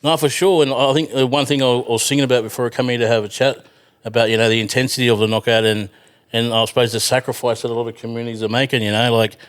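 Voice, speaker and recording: Australian man, podcast guest, rapid rambling storyteller who swears casually. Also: mid-range voice, fairly even intonation. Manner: rambling, many fillers and restarts, swears freely.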